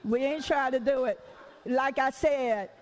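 A woman preaching a candid, conversational sermon, lively and laughing, with frequent rhetorical questions to the congregation. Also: high-pitched, measured pace, long reverb tail, poor audio.

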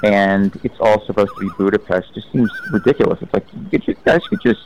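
A man's voice: on the low side, fairly quick, a little mellow, highs cut off, a little hiss or hum. A man in casual conversation about old films, giving blunt, opinionated takes. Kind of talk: casual film discussion.

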